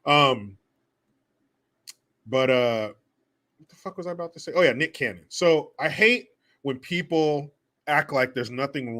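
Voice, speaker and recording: A man's voice: medium pitch, a little slow, pauses often, fairly bright tone. A man hosting a livestream, chatting casually and reading viewer donations with crude, profane jokes. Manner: crude, joking, profane banter. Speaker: livestream host.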